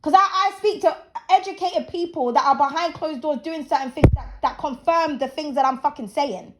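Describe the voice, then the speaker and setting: A high, fairly bright female voice at normal speed belongs to a channel host in her thirties. She rants to camera in a casual, preachy opinion piece, speaking bluntly and profanely.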